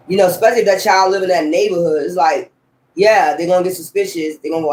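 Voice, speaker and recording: Guy w/ a high voice doing a tarot reading, cussing and rambling, roomy echo. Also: fast talker, a little mellow. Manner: blunt, profane, rambling. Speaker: tarot reader. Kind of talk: casual tarot reading monologue.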